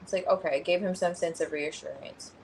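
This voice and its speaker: Lady doing a tarot reading live, thinking out loud over the cards, faint hum in the background. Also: on the low side, fairly quick, gravelly, poor audio. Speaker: tarot reader.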